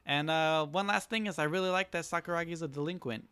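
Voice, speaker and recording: A man's voice: fairly high pitch, quick pace, pushed and bright, slight background noise. A man co-hosting a casual anime review chat, rambling with many fillers and laughing easily. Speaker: podcast co-host.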